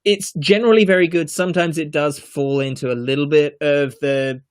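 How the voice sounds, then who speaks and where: A man's voice: a little high, steady tone, a little fast, smooth. A man co-hosting a podcast, reviewing a TV series in casual chat, earnest and emphatic, with frequent fillers and restarts.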